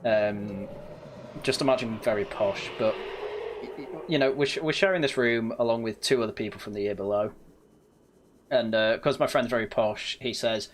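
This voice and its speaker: A man's voice: medium pitch, measured pace, a little hiss or hum. Young northern English male gamer, slightly posh, chatty storyteller, mid-range voice. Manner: rambling anecdotes with frequent laughs and self-corrections. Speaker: gaming channel host. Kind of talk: casual let's-play chat.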